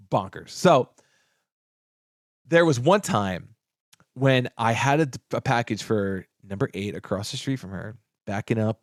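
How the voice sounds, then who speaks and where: A man's voice: dry recording, clean studio sound. A man co-hosting a podcast, telling a story in casual, profane chat and acting out the people he quotes. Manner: animated, profane, acts out quoted lines with big pitch jumps. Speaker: podcast co-host.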